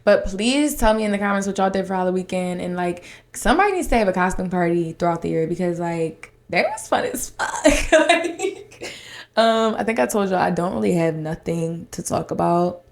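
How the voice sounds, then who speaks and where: A young woman with a lilt and a low-set voice talks through her week in a loose solo podcast chat. She rambles, circling back on herself with constant "like" fillers, and stays open and candid throughout. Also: fast talker, gravelly, few pauses, a little mellow. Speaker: podcast host.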